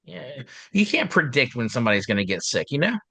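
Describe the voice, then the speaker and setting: A male podcast host chatting casually, joking and filling with "uh", his voice a little deeper and rough after being ill. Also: very animated, brisk, sharp tone, dry recording. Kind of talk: casual chat.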